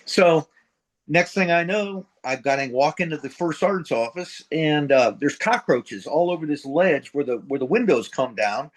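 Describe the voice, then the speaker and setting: A man's voice: on the high side, animated, normal speed. An older man, a retired Marine from middle America, telling war and service stories in a blunt, profane, casual way as an interview guest. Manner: blunt, profane, acts out quoted dialogue.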